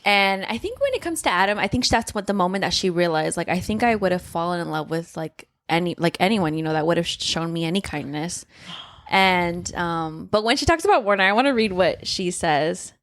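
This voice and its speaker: A young woman co-hosting a casual book podcast, expressive and reading passages aloud. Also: brisk, no room sound, clean studio sound. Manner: expressive, reads passages aloud, swings her pitch widely. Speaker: podcast co-host.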